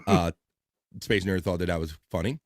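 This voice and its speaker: A man's voice: deep voice, moderate pace, no echo, clean studio sound. A man hosting a casual live-stream show, joking and laughing as he reads viewer comments. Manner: joking, laid-back, laughs often. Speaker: livestream show host.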